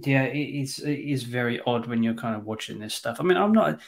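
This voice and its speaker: A man reviewing a film in casual podcast chat, blunt and quick to swear. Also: medium pitch, animated, creaky, slight background noise. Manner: blunt, sweary, exasperated asides. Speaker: podcast co-host.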